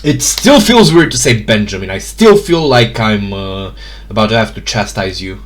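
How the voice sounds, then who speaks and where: A man's voice: fairly low pitch, lively intonation, moderate pace. A man narrating a tabletop game as game master, hesitant and full of fillers and restarts.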